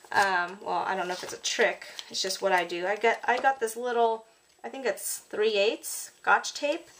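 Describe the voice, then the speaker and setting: A woman's voice: on the high side, a bit bright, slight background noise. A woman casually narrating a card-making tutorial at her craft table, chatty and apologetic, with plenty of ums.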